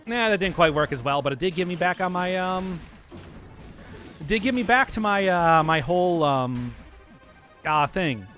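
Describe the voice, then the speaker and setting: A man's voice: sits high, animated, moderate pace, pauses often, fairly bright tone, soft background music. A young man streaming a video game live, giving rambling, chatty commentary and laughing often.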